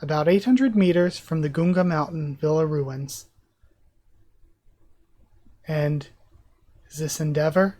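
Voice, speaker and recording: A man's voice: fairly high pitch, slow, long pauses, darkish tone. Emotional man reading a comic aloud. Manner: emotional, stumbles and corrects himself while reading. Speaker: YouTuber.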